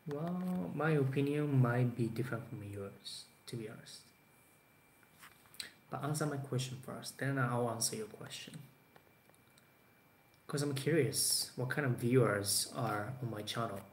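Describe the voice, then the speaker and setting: A man's voice: mid-range voice, a little slow, pauses often. Man in his twenties, rambling vlog talk, roomy echo, faint hiss. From Japan. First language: Japanese. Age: 20s. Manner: rambling with many fillers and restarts. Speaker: vlogger. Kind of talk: casual talk to camera answering viewer questions.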